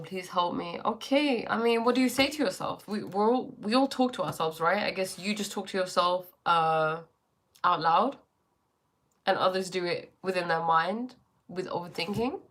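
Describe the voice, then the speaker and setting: A woman's voice: medium pitch, fairly bright tone. A woman hosting a live stream as a life coach, chatting casually and reflectively while answering viewer comments. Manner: reflective, questioning, spiritual talk. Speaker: livestream host and life coach. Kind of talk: casual livestream chat reading viewer comments.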